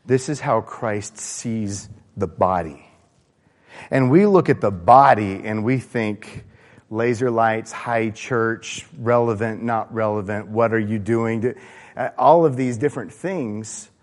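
Speaking slowly in a fairly low voice, a male preacher from the American South delivers a conversational sermon in a church sanctuary, where the hall's long reverb surrounds him. His manner is informal, with questions to the congregation and frequent fillers and restarts.

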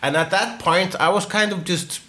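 A man telling a story in casual chat, halting and full of fillers and restarts. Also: high-pitched, sharp tone.

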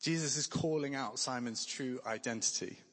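A man's voice: mid-range voice, normal speed, a bit bright. Man preaching in a reverberant hall. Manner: earnest, conversational preaching with light humor. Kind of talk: sermon.

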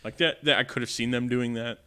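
A man's voice: mid-range voice, fairly even intonation, brisk, sharp tone, clear, resonant tone. A man co-hosting a podcast, talking in an easygoing, rambling way. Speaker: podcast co-host. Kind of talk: casual chat.

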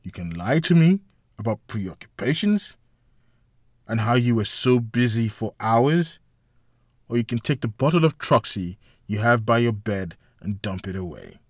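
A man's voice: mid-range voice, sing-song, unhurried, no room sound, clean studio sound. A man reading a novel aloud, voicing a firm, patient friend who urgently presses another man to pull himself together. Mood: stern. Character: stern, caring man pressing his friend.

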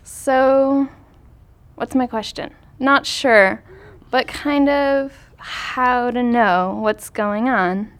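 A woman with a fairly high voice puts a question to the hosts from the audience. She talks slowly and hesitantly, rambling and searching for her words as she goes. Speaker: audience member asking a question. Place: conference room with a live audience.

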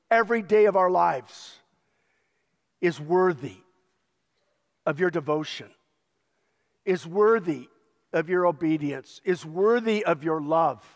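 A man's voice: sits high, in a large hall. A male pastor preaching a sermon with an emphatic, repetitive cadence.

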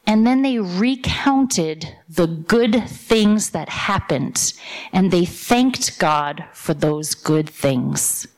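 A woman preaching a sermon, retelling a parable and a modern story in a lively storytelling way. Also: fairly low pitch. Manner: lively storyteller, voicing characters in quotes.

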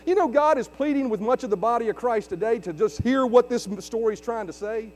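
A man's voice: very high voice, quick pace, hardly any pauses, dark tone. A man preaching a sermon as pastor, driving his points with emphasis and questions to the congregation. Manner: preaching with rising emphasis and audience call-outs. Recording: long reverb of a large hall with mains hum.

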